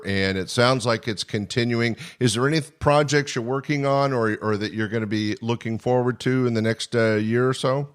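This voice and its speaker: Smooth-voiced male podcast host. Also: on the low side. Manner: friendly, halting, with many fillers. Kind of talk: casual interview chat.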